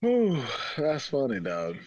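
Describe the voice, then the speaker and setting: A man's voice: medium pitch, wildly swooping pitch, takes it slowly, dark tone, highs cut off. A man calling in to chat casually and laughing along with the host. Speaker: caller.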